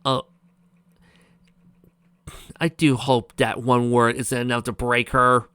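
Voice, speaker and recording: A man's voice: medium pitch, level tone, takes it slowly, long pauses, bright, forceful tone, smooth, no room sound, clean studio sound. A man reading a fan fiction story aloud and breaking off into sarcastic commentary. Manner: sarcastic, ranting asides.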